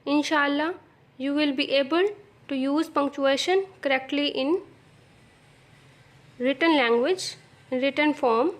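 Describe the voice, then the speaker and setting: A high-voiced woman with a Pakistani English accent teaches a recorded English lesson. She explains slowly and repeats phrases for emphasis.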